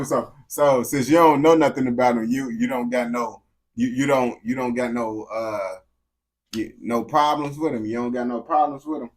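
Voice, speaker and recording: A young man, a streamer, chatting casually with a game character in heavy slang, swinging between low mumbles and excited yelling.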